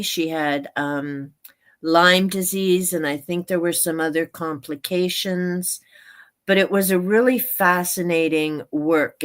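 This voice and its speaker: Slow-talking, lower-voiced woman chatting casually. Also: smooth. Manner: chatty and meandering, laughs often. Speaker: book channel host. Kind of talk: casual live-stream chat.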